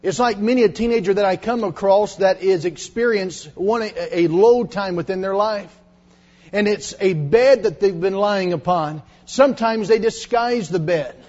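Preacher guy preaching to teens, kinda high voice, goes quiet and dramatic on the stories, muffled old recording. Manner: dramatic, drops to hushed tones when retelling confessions. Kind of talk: sermon to teenagers. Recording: dull lo-fi sermon recording.

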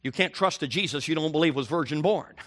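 A middle-aged man preaching a sermon, animated and rising to near shouts on his emphatic questions. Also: on the high side, fast talker.

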